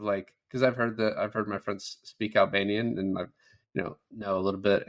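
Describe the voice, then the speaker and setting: A man's voice: on the low side, brisk. A man co-hosting a podcast, chatting casually about a movie, swearing freely and acting out lines from scenes. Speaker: podcast co-host. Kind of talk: casual film review chat.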